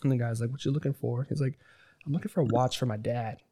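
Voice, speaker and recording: Mellow-voiced man telling rowdy stories. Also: mid-range voice, steady tone, quick pace. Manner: rambling, profane, acts out quoted voices. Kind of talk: casual storytelling chat.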